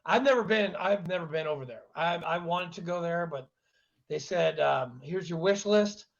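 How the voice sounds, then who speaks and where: A man's voice: a little high, moderate pace, gravelly, dull audio. A man hosting a podcast in casual chat, joking loosely and swearing freely. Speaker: podcast host.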